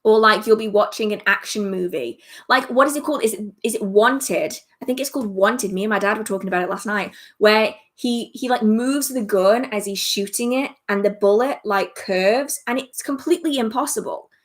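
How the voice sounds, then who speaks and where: A young English woman hosting a casual livestream Q&A, chatty and self-deprecating, laughing often, filmed under bright lights at home. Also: medium pitch, normal speed, few pauses. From England. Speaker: witchcraft livestream host.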